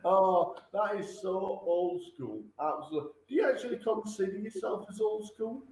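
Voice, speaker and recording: A man's voice: high voice, normal speed, a little mellow. A man interviewing a guest casually, reacting with short encouraging words. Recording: roomy with faint noise.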